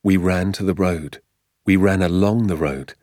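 Deep-voiced man narrating a storybook. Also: dry recording, studio quality. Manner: measured, expressive storytelling. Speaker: audiobook narrator. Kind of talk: scripted narration.

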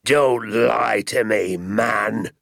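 A man's voice: fairly low pitch, gravelly, fairly bright tone, no room sound, clean studio sound, exaggerated voice. A man doing a bellowing, furious landowner. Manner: bellowing, slow and spitting with rage. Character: furious bloated rich middle-aged landowner man.

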